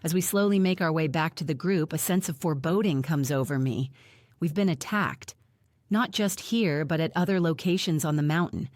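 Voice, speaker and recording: A woman narrating an audiobook in the first person, reading in an even, measured way. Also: deep voice, no room sound.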